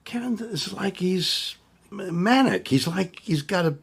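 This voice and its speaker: A man's voice: sits high, expressive, unhurried, creaky, a bit bright, breathy edge. An older man reviewing impressions of himself in a scripted comic video, incredulous and stammering, repeating himself.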